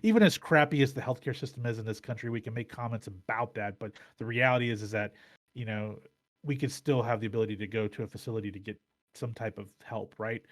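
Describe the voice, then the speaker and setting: A man's voice: lowish voice, quick pace. A man hosts a casual podcast, talking through his thoughts in long rambling runs. He restarts sentences often and swears freely. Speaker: podcast host.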